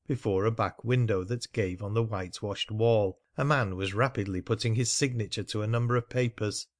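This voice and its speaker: A man narrating an audiobook in a measured, even reading style, close to the mic. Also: on the low side. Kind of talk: scripted narration.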